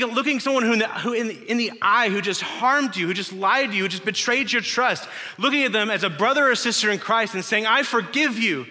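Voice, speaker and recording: A man's voice: sits high, pushed and bright. A young man preaching a casual, emphatic sermon full of rhetorical questions, recorded in a church sanctuary. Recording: echoey church hall.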